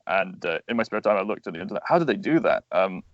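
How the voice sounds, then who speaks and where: A man's voice: low voice, animated, fast, no echo. A young man, a voice actor and animator, explaining his craft earnestly in a casual interview. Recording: dull lo-fi sound, dry.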